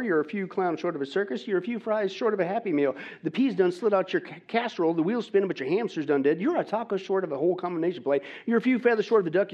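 High-voiced emphatic preacher man, lo-fi. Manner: emphatic, calls out "right?" to the congregation; swings from soft to loud exhortation. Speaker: pastor. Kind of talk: sermon. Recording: dull lo-fi sound.

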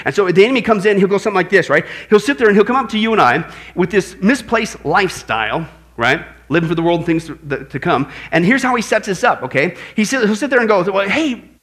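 A male pastor preaching an animated sermon, exclaiming and asking his listeners questions. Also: high-pitched, fast talker.

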